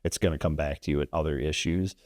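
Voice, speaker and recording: A man's voice: rumbling low, steady tone, fast, a little mellow, no room sound, clean studio sound. A man, a landlord and investor guest, telling a story in casual podcast chat, rambling and tagging sentences with "right?".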